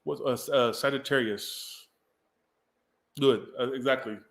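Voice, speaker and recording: A man's voice: mid-range voice, fairly even intonation, unhurried, vocal fry, a bit bright, reverberant. A man from the Southern US, giving a casual, rambling tarot reading and swearing now and then. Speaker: tarot reader.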